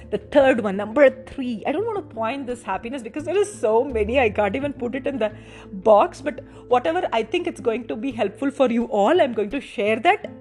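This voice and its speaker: A woman's voice: fairly high pitch, darkish tone. Gushing woman from India, emotional podcast. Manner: gushing, emotional, repeats "oh my God". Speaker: podcast host. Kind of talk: casual personal podcast monologue.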